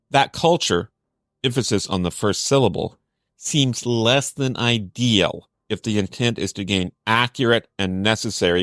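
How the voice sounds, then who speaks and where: A young adult man gives dry, pointed commentary on a true-crime podcast, reading from a script. His voice sits very low. The recording is close and dry. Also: a bit bright, dry recording. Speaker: podcast co-host.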